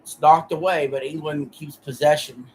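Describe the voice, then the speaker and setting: A man's voice: fairly high pitch, steady tone, moderate pace, slight background noise, rough recording. A man casually commenting on a soccer match during a live stream, chatting with his viewers between plays. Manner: chatty, reads and answers chat.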